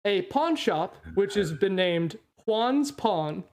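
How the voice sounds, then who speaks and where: A man running a tabletop game as dungeon master, laid-back and halting, with frequent pauses and "uh"s. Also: high-pitched, expressive, darkish tone. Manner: reads a list of punny names, breaking into laughter.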